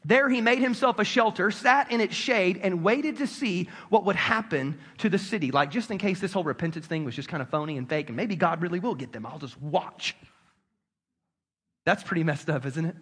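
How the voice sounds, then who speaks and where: A man preaching a sermon in a church hall, animated and calling on the congregation to respond. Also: high-pitched, brisk, breathy edge. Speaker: pastor. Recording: long hall reverb.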